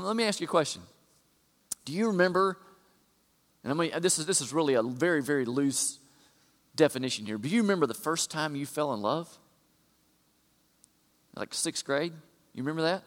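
A man preaching a sermon, shifting from quiet conversational asides to loud, emphatic repetitions. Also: on the high side, expressive, moderate pace, pauses often. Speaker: pastor. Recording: long hall reverb.

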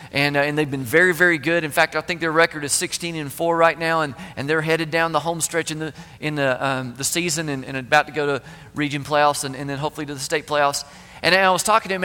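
Male pastor, high and bright, talky sermon delivery with repeated words, reverberant hall sound. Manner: conversational preaching with rhetorical questions and repeated words. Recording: long reverb of a large hall.

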